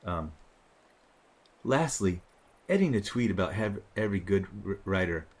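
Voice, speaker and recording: Low-voiced sarcastic male commentator. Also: husky. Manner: sarcastic and rambling, with frequent fillers. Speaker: commentator reacting to online posts. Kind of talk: casual commentary monologue.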